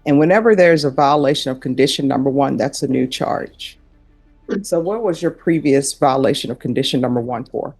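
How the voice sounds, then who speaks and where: A woman's voice: a bass voice, fairly quick, a little mellow, slightly rough, soft background music. Firm, methodical woman judge. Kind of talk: questioning from the bench. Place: courtroom.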